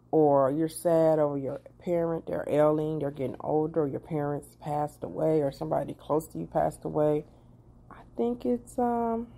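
A woman in her forties, a therapist and life coach, giving casual advice in a chatty, personal way with animated asides to the viewer. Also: low-pitched, vocal fry. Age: 40s.

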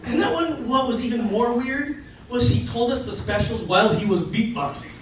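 A man doing a stand-up comedy routine, animated and often laughing as he acts out voices. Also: very high-pitched, moderate pace. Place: live stage venue. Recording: echoey venue, distant mic, loud noise.

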